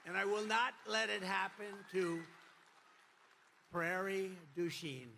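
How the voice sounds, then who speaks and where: A man giving a campaign rally speech, repetitive and emphatic, swinging between loud declarations and quiet asides. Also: sits high, fairly even intonation, slow pace, gravelly, a faint crowd, slight background noise. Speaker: political candidate.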